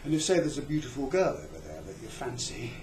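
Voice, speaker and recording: Chatty comic lecturer, male, lively delivery in a roomy space. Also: mid-range voice, fast talker, background noise. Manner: rambling, chatty, with self-interrupting repetitions.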